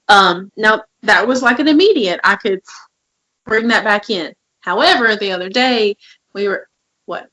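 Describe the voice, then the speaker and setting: A woman's voice: medium pitch, unhurried, bright, forceful tone, highs cut off. A woman in her twenties co-hosting a podcast, telling candid personal stories in casual chat and acting out quoted lines. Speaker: podcast co-host.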